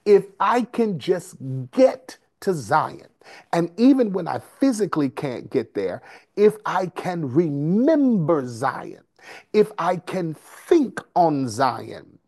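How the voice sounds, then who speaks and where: A man preaching a sermon in a slow, rhythmic cadence, repeating and building phrases. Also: a little high. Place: service streamed over video call and conference line.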